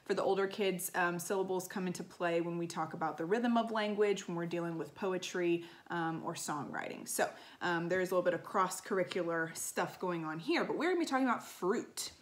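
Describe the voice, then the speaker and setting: A woman's voice: on the low side, a little fast, few pauses. Upbeat woman music teacher explaining. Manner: upbeat teacherly explaining with frequent ums and okays. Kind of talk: recorded classroom lesson for children.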